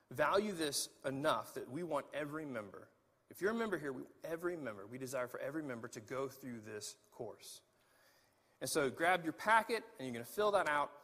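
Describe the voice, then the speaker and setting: A man preaching in a church with a husky voice that swoops up and down with animated energy. He calls out to the congregation as he goes, and his voice carries a long echo from the hall around him. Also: on the high side. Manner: lively preaching with asides to the congregation. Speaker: pastor. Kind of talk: sermon. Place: church sanctuary. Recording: echoey hall.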